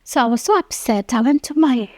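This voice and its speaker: A woman's voice: a little high, animated, fairly quick, darkish tone, no echo. Earnest woman telling her story. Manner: earnest, acts out quoted dialogue. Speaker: interview guest. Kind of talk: personal storytelling.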